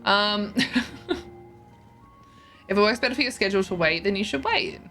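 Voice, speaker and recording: A woman's voice: medium pitch, lively intonation, moderate pace, sharp tone, soft background music. A tired woman streaming a card game, chatting casually with her viewers, yawning and joking as she stumbles over her words. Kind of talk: casual live-stream chat while gaming.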